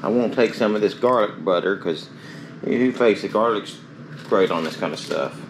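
A man's voice: fairly low pitch, normal speed, background noise. A man chatting casually to himself and viewers as he cooks. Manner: chatty, rambling, self-talk while cooking. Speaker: cooking ASMR host. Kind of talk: casual cooking chat.

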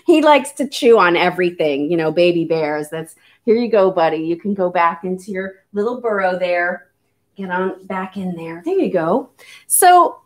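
A woman who teaches nature to children, speaking in an animated, sing-song, coaxing way as she shows live animals. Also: medium pitch. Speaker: nature educator.

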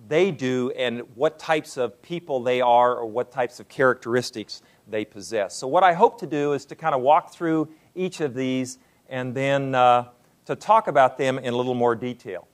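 Unhurried man lecturing with many fillers. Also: medium pitch. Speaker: university president giving a talk. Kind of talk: lecture to an audience.

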